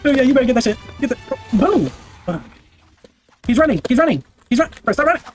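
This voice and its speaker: A man giving loud, excitable gameplay commentary, full of brash trash talk, swearing and repeated barked commands. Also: very high-pitched, fast talker, soft background music. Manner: barks repeated commands and chants. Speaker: gaming video creator.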